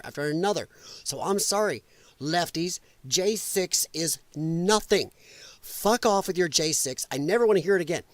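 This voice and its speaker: A man's voice: high voice, no echo. A man hosting a podcast, giving sarcastic, mocking political commentary over clips and swearing freely. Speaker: podcast host reacting to clips.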